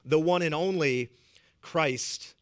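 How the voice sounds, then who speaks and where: In church, a pastor with a Southern US accent preaches a sermon, emphatically repeating words for weight and chuckling between points. His voice is a little high, smooth and slow.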